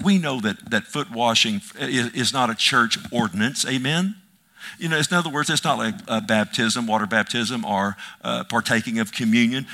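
A man's voice: mid-range voice, pushed and bright. A man preaching a sermon as pastor, with emphatic delivery and frequent rhetorical questions to the congregation.

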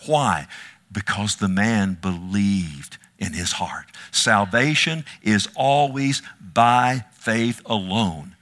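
Male pastor mid-sermon; bright, tense delivery, emphatic with rhetorical questions. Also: on the low side, expressive, slow. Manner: emphatic, swings from hushed to loud, rhetorical questions to the congregation.

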